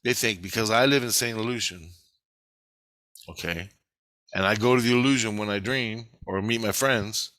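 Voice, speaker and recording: A man's voice: fairly low pitch, normal speed, pauses often, bright, forceful tone, no room sound. A man recounting a dream in an agitated, profane rush, acting out both sides of the argument. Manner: agitated, profane, retelling dialogue in bursts. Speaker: vlogger. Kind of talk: casual recounting of a dream to camera.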